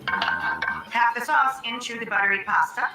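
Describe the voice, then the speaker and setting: A woman's voice: a little high, measured pace, over loud music. A woman hosting a TV cooking show, chatting cheerfully through her recipe. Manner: chatty, upbeat presenting. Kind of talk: TV cooking demonstration. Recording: echoey, distant TV clip with loud noise.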